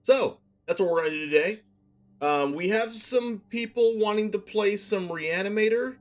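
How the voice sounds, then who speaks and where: A young man streaming a card game, chatting to his viewers in a rambling, excitable way. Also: high voice, moderate pace. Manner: excitable, shouts and laughs at plays.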